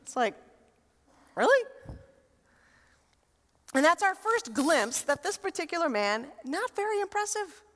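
High-voiced woman preaching in an echoing sanctuary. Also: moderate pace, hardly any pauses. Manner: conversational, expressive, rhetorical. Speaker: pastor. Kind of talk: sermon. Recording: long reverb in a large hall.

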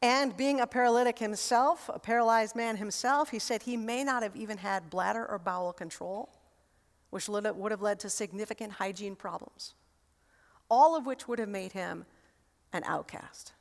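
A woman pastor preaching a sermon in a conversational, expressive way, with rhetorical questions and emphatic repetition. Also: mid-range voice, normal speed, vocal fry. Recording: long reverb in a large hall.

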